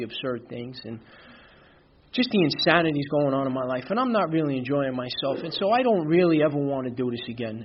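A man's voice: mid-range voice, muffled recording, slight background noise. A man giving a candid, rambling personal testimony at a recovery meeting, often saying "you know". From Brooklyn, New York. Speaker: speaker sharing his recovery story.

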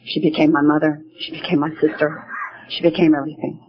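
An older woman gives a personal testimony from the podium at a recovery meeting, telling her own story plainly and earnestly. Her voice sits low, and she talks fast with a flat delivery. The recording is dull and lo-fi.

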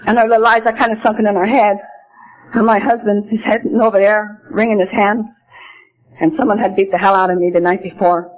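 A woman's voice: mid-range voice, little pitch movement, a little fast. An older woman speaking at a recovery meeting, telling her own story in a plain-spoken, earnest way from the podium. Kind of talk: personal testimony talk. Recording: dull lo-fi recording.

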